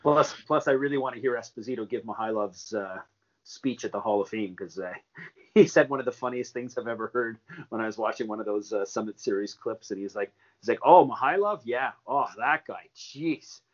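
A man's voice: fairly low pitch, fairly even intonation, a little fast, dull audio. A man co-hosting a podcast in casual chat, easygoing and hesitant, laughing often. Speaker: podcast co-host.

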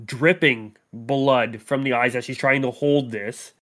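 Dude dm-ing a tabletop game, mid pitch, just calmly describing stuff. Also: male voice, measured pace. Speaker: game master.

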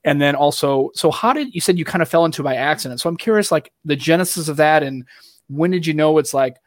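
This podcast co-host has a fairly high pitch and a quick pace, captured in a dry, clean studio recording. His casual chat rambles, packed with fillers and restarts.

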